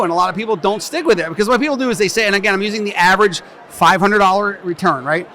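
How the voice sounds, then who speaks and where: A man's voice: high-pitched, fast talker, hardly any pauses, pushed and bright, a little hiss or hum. A middle-aged man from New Jersey, a tax business owner, chatting in an interview as a brash, joking storyteller. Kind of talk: casual interview chat. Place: conference venue.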